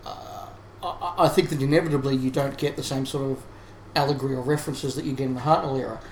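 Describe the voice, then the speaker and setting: Talking fast in a mid-range voice with fairly even intonation, this podcast co-host analyzes topics thoughtfully in a casual discussion, often restarting his sentences. A roomy recording carries a faint background hiss.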